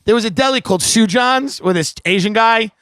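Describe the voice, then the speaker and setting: A podcast host telling a rambling comedic story in an animated way, laughing at his own jokes. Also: sits high, brisk, no room sound. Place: outdoor deck.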